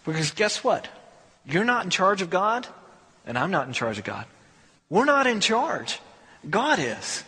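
A man preaching a sermon as pastor, conversational and animated, with acted asides. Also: high-pitched, measured pace, pauses often, husky. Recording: long hall reverb.

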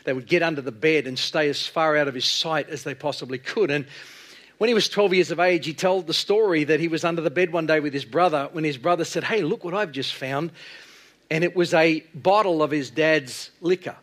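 A middle-aged male pastor telling a sermon story in an animated way, acting out the quotes. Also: fairly high pitch, fairly quick.

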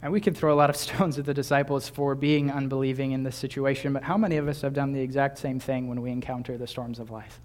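A man's voice: medium pitch, flat delivery, fast talker, few pauses, a little mellow. A young man in his twenties preaching a sermon in a conversational way, with small laughs and restarts. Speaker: pastor.

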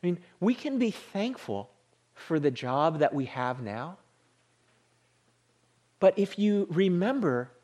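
A man preaching at a slow, deliberate pace, his fairly high voice rising and falling widely. He leans into key words, then drops to a hushed low tone on the sacred ones. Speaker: pastor. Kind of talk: sermon.

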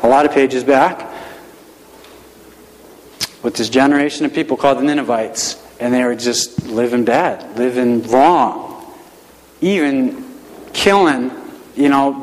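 Conversational pastor in an echoing hall. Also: male voice, medium pitch. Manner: conversational, asks many rhetorical questions. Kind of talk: sermon.

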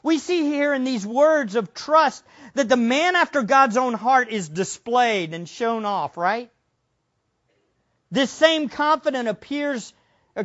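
A man preaching a sermon, emphatic, with many rhetorical questions to the congregation and big swings between loud and soft. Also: very high voice, highs cut off. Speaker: pastor.

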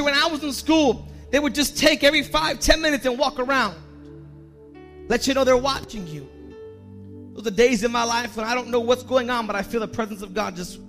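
A man preaching a sermon as pastor, emotional and personal, building to a shouted climax with repeated lines. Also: extremely high pitch.

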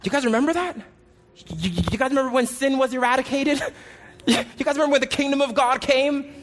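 A man preaching a sermon with passion, pleading loudly at times and then dropping his voice low. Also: fairly quick, a little hiss or hum. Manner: impassioned, rising to pleading shouts and dropping low.

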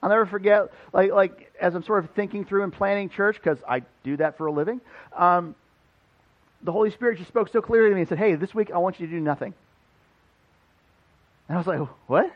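A man preaching as a pastor, telling a personal story in a casual, animated way full of "like" fillers. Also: high-pitched, fairly quick, long pauses, muffled recording. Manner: conversational, animated, many "like" fillers. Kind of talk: storytelling sermon. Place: church building.

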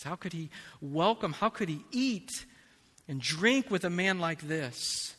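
A man preaching a sermon as pastor, slow and emphatic, swinging between hushed and loud passages. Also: a little high, animated. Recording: long reverb of a large hall.

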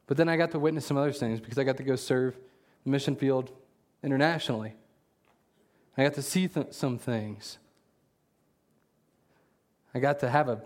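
Jokey, animated male preacher. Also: medium pitch. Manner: jokey and animated, with sudden loud bursts; reads scripture aloud slowly. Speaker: pastor. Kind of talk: casual conversational sermon.

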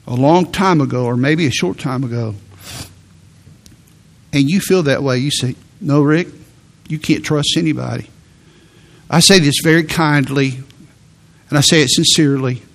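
A man's voice: medium pitch, moderate pace, pauses often. A middle-aged male pastor preaching a sermon in an earnest, emphatic way, with sudden rises for emphasis.

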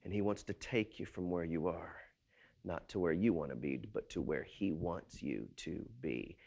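A male pastor preaching a sermon, swinging between loud, emphatic stretches and low, quiet ones, with quick rhetorical questions. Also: creaky.

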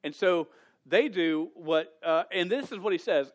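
A man preaching as a pastor to a room of young people, talking in a chatty, animated way with many restarts. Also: high voice, unhurried. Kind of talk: casual youth sermon. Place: church room with an audience.

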